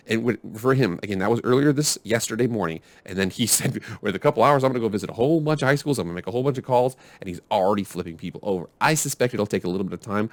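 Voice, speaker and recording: Host, man, low-pitched, rapid rambling commentary, dry close mic. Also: no echo. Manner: rambling, self-arguing, restarts often. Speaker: sports video host. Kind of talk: casual commentary.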